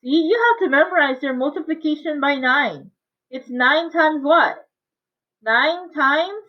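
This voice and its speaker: A woman with a high voice teaches an online math class a little slowly, coaxing and quizzing her students and often laughing. It comes through a video call microphone, so the audio is tinny and phone-like.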